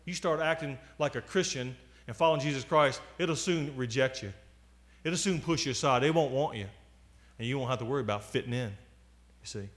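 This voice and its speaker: A man in his forties preaching a sermon, moving from loud appeals to quiet asides. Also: medium pitch, fairly quick. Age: 40s.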